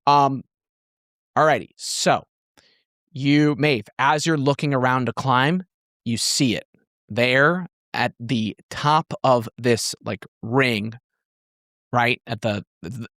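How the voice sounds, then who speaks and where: A man's voice: medium pitch, slow pace, a bit bright, dry recording, studio quality. A man running a tabletop game as game master, describing scenes in a loose, rambling way.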